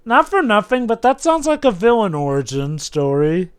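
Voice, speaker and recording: High, lively, smooth male voice. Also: moderate pace. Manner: musing, speculative. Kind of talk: movie commentary chat.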